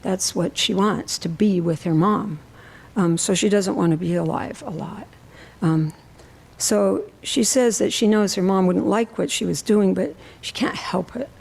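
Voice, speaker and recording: A woman, a science teacher, telling a personal story at a worship service in a halting way with many fillers. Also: mid-range voice, vocal fry, a little mellow, husky, low-quality recording. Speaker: lay speaker sharing a reflection.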